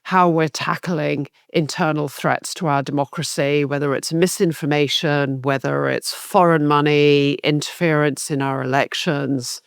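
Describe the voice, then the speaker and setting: A woman's voice: deep voice, steady tone, unhurried, creaky, hardly any pauses, clear, resonant tone, no room sound, studio quality. A woman co-hosting a political podcast, laying out her points in a structured, analytical way. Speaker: podcast co-host.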